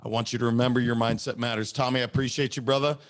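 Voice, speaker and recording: A man's voice: medium pitch, little pitch movement, very fast. A middle-aged man hosting a podcast, enthusiastic and encouraging with his guest and listeners. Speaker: podcast host.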